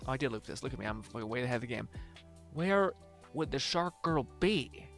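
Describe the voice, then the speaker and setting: A man's voice: mid-range voice, lively intonation, brisk, a bit bright, soft background music. A young man streaming, rambling and swearing casually while reading chat, laughing often.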